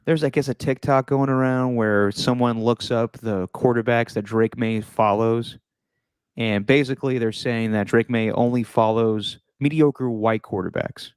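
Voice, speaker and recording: A man hosting a casual sports chat show, talking loosely, laughing easily and slipping into quick impressions of people he quotes. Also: mid-range voice, a little mellow, clear, resonant tone, no echo. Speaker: podcast host.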